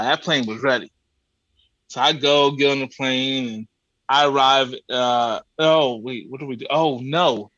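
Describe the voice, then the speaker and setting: Animated man telling a comic travel story. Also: fairly high pitch, no room sound, highs cut off. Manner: animated storyteller, acts out exasperated exchanges; colloquial, swears casually. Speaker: podcast guest, actor. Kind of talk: comic travel anecdote in casual chat.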